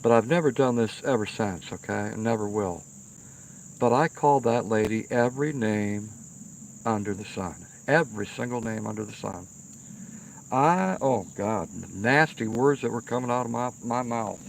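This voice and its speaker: A middle-aged man hosting a livestream tells a rambling, profane story at night beside an outdoor fire pit, often checking in with "okay?" His medium-pitched voice is gravelly and moves at normal speed. There's a little hiss or hum in the audio.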